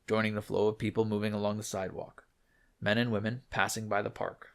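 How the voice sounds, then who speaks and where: Low gravelly male story reader. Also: little pitch movement, fairly quick. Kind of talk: reading a short story aloud.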